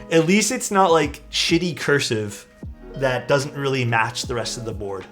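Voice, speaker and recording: A man casually chatting as a live streamer while building a keyboard, rambling and relaxed, often saying "dude". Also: mid-range voice, takes it slowly, soft background music. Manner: laid-back, rambling, peppered with "dude" and "like".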